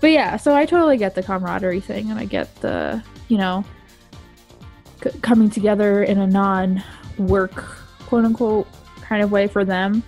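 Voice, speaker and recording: A woman's voice: medium pitch, moderate pace, a little mellow, soft background music. A woman co-hosting a podcast in casual chat, playful and teasing. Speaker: podcast co-host.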